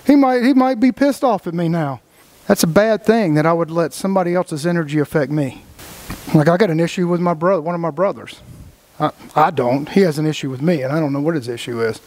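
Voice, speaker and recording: A blunt, folksy man leads his group through a casual motivational talk, acting out little scenes in other people's voices. His voice sits high for a man, and the recording is dry and close with almost no room sound. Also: quick pace, darkish tone, no echo. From Texas. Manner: blunt and folksy, acts out quoted voices, swears freely.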